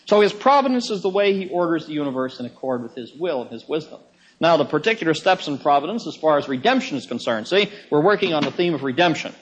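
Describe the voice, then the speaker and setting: 50s guy preaching, kinda high voice, repeats his points, dull old recording. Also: expressive, fast talker, slightly rough. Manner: conversational teaching, repeats key phrases for emphasis. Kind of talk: sermon.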